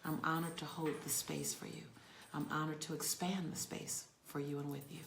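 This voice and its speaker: A woman talking to viewers on a casual livestream from a rental room, emphatic and warm, sometimes dropping to soft near-whispers. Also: low voice, flat delivery, normal speed, creaky, roomy sound, background noise. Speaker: motivational speaker hosting a livestream.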